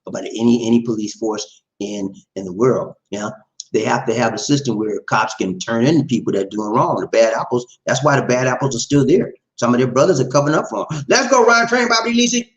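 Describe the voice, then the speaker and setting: A man's voice: medium pitch, brisk, lo-fi sound. A middle-aged man hosting a casual livestream, chatting, reading out viewer names and laughing often. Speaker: livestream host.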